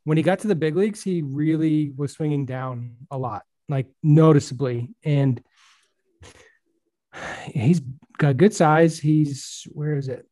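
A man hosting a casual baseball podcast, chatting in a relaxed way with lots of fillers. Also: a little high, a little slow, no echo. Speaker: podcast host.

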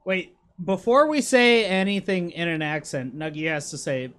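A man's voice: high-pitched, normal speed, fairly bright tone, clean tone. Offhand man chiming in. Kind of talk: casual chat.

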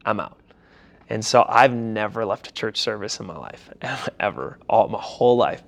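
Gravelly young man telling his story. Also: fairly low pitch, normal speed. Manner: animated, slangy, acts out his own reactions. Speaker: pastor and church founder. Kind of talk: casual interview storytelling.

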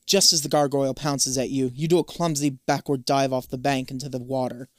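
A man's voice: mid-range voice, steady tone, fairly quick, fairly bright tone, no echo, studio quality. A man reading a choose-your-own-adventure book aloud in a casual way, swearing offhand between passages. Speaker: gamebook reader.

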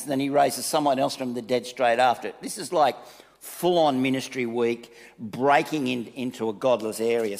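A man giving a conversational sermon, reading scripture and telling stories with lively asides. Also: medium pitch. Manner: conversational, animated storytelling with asides. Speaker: preacher. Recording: long reverb of a hall.

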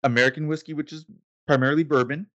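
A man's voice: a little high, fairly even intonation, fast, fairly bright tone, lo-fi sound. A young man co-hosting a casual podcast, jokey and prone to giggling fits. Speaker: podcast co-host. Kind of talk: casual chat.

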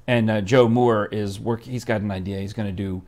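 A man's voice: lowish voice, steady tone, normal speed, a little mellow. A man co-hosting a live chat show, talking casually and rambling with many restarts. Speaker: co-host.

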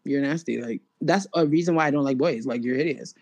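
A young woman, hosting a podcast and telling a story to a friend in a casual, animated, slangy way, full of "like". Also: a bass voice, brisk. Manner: animated and slangy, filler-heavy with lots of "like". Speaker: podcast host.

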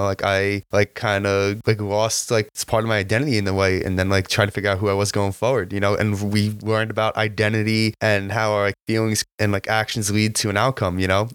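Smooth, low-voiced young man host. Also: no echo. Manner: halting, heavy use of "like" as filler. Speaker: podcast host. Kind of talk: conversational interview.

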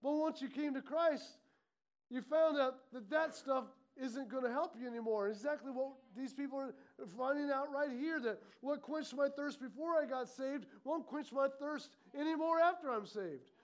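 Brief: male pastor, very high voice, lively sermon delivery, mimics grumbling. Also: normal speed. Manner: animated preaching, acts out muttering complaints.

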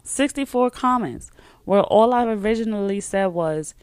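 A woman's voice: mid-range voice, animated, moderate pace, clear, resonant tone, dry recording, clean studio sound. A woman hosting a podcast, talking on her own in a chatty, emphatic way and often trailing off and starting over. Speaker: podcast host. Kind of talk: casual solo talk with a read sponsor ad.

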